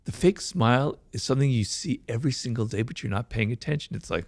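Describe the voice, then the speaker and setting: A middle-aged man talking fast and emphatically as an author in an interview, often checking in with "right?". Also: medium pitch, lively intonation, dry recording. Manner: fast-talking, admits his mind races; emphatic, peppers points with "right?". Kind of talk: conversational interview.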